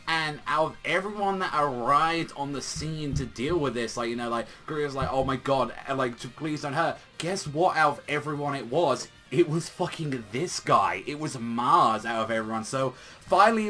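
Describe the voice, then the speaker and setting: A man casually reviewing a manga chapter in a rambling, excited way, filling his talk with "like" and acting out scenes. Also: mid-range voice. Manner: rambling, heavy use of "like", animated retellings.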